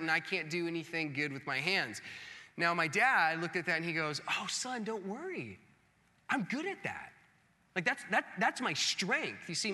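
A man in his thirties, a pastor telling a self-mocking story in a sermon, animated and acting out the voices of others. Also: high voice. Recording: long hall reverb.

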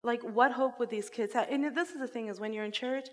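A woman who runs a church school, teaching a sermon and telling a personal story with animated, laughing delivery. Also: on the high side, fairly quick. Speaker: Bible teacher and school director.

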